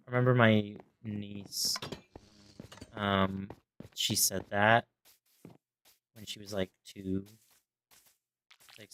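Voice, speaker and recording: Gravelly low-voiced young man chatting. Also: flat delivery, slow, pauses often, fairly bright tone. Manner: rambling storyteller, acts out quoted voices. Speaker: gaming livestreamer. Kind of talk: casual chat while gaming.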